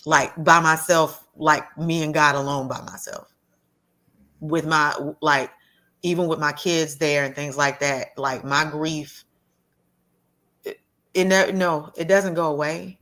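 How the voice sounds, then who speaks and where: A woman telling a heartfelt personal story as a guest, earnest and halting, often restarting and repeating words. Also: deep voice, fairly even intonation, a bit bright. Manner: acts out quoted voices of others in her story.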